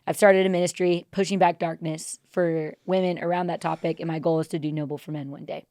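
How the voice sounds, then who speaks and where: A woman's voice: lowish voice, fairly even intonation, brisk, a little mellow, no room sound. A woman in her thirties, co-hosting a podcast and talking in an earnest, emotional, confiding way. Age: 30s. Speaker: podcast co-host. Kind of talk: casual chat.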